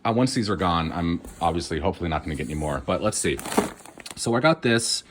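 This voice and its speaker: A man's voice: sits low, lively intonation, fast talker, noisy background. A man in a cold garage, rambling casually through an unboxing with joking asides. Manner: chatty and rambling, self-mocking asides. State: cold, shivering. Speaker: online reseller.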